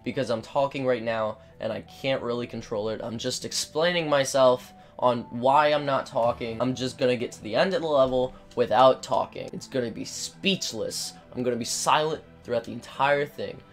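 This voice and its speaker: A man's voice: mid-range voice, normal speed, few pauses. A man hosting a gaming channel, rambling chattily through let's play commentary and swearing when he gets frustrated. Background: faint video game music.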